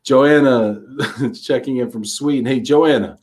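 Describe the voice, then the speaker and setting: A man's voice: mid-range voice, measured pace, darkish tone. A man hosting a live-streamed talk show, chatting casually and energetically on a video call, tossing in slang like "buddy" and "man".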